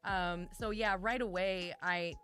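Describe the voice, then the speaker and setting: A woman's voice: on the low side, steady tone, fairly bright tone, soft background music. Playful, chatty woman actor. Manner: chatty, playful, quick to laugh. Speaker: stage actor. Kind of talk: casual interview chat.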